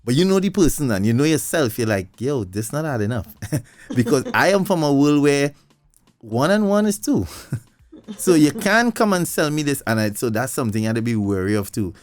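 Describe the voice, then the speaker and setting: A man co-hosting a casual talk show, animated and laughing often as he makes his points. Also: a little high, normal speed, dry recording. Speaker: podcast co-host. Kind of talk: casual conversation.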